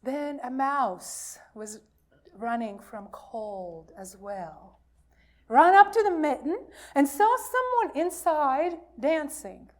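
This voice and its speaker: Reading a folktale aloud during a worship service, a woman minister tells it slowly and expressively. Her voice is high, her pace unhurried, and her telling lively.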